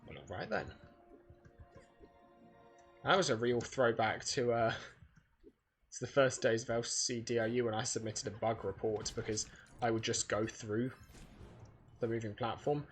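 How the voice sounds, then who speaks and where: A man's voice: mid-range voice, measured pace, pauses often, slight background noise. A man giving casual speedrun commentary while playing, rambling and correcting himself as he thinks aloud. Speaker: gaming video creator.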